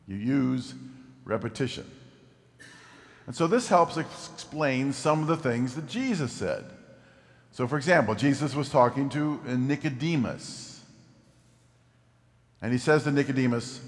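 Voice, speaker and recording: A pastor preaching a sermon, animated, dropping low and slow to stress key words. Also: male voice. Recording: long reverb of a large hall.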